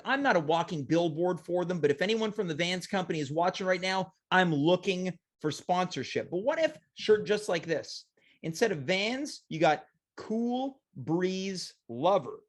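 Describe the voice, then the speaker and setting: A man hosting a comedic talk show, playful and self-mocking. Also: high-pitched. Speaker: host.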